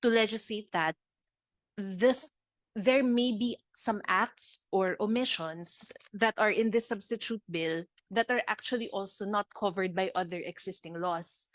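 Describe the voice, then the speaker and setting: A woman's voice: medium pitch, a little slow, dry recording. Hesitant Filipino woman testifying. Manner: hesitant, with repeated restarts. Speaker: government department representative. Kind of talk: formal testimony at a hearing.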